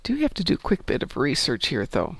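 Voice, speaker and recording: A woman's voice: sits low, wildly swooping pitch, brisk, husky. A woman streaming a game, chatting casually, telling stories and cheering at the game. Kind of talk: casual chat while gaming.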